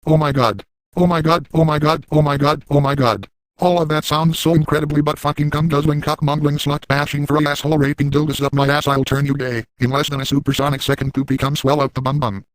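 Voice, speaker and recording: A man's voice: fairly high pitch, little pitch movement, fast talker, dry recording, close to an everyday voice, low-quality recording. A man voicing a crude, gleeful, boastful adult man in a comic parody, narrating in first person with a brash, over-the-top manner.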